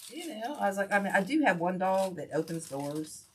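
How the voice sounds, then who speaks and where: A woman's voice: mid-range voice, sing-song, a little fast, a little hiss or hum. A woman hosting a casual crafting tutorial, chatting and rambling as she works with her hands. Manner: chatty, rambling, talks while working. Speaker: wreath-making host.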